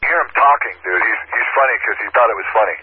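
A man's voice: medium pitch, quick pace, husky. A man in casual chat, blunt and profane as he retells a conversation. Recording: dry, tinny phone-like sound.

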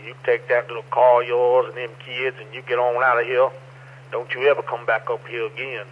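A man's voice: mid-range voice, level tone, brisk, close to an everyday voice. A man putting on the voice of a menacing rural hillbilly who warns strangers off, drawling and threatening, heard over ham radio. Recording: muffled ham radio audio with faint noise.

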